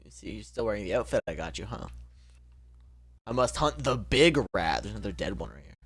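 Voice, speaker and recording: Lively joking male game streamer. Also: on the low side, fairly quick, slightly rough. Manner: jokey, exclaiming, talking to himself. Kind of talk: casual gameplay commentary.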